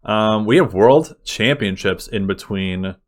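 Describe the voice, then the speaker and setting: A man co-hosting a sports podcast in casual chat, excitable and full of fillers. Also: lowish voice, slow pace. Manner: excitable, uses lots of fillers. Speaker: podcast co-host.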